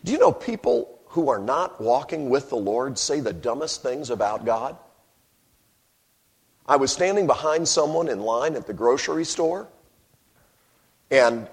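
A man's voice: medium pitch, vocal fry, husky. A man preaching a sermon, telling stories wryly and breaking into emphatic bursts. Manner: animated, wry storytelling with sudden emphatic bursts.

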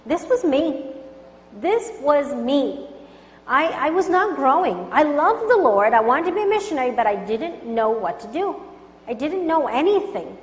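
Earnest higher-voiced woman preaching in a hall. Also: sing-song, moderate pace. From Colombia. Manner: earnest, urgent exhortation. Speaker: Christian speaker. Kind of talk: testimony sermon. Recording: echoey hall with faint hum.

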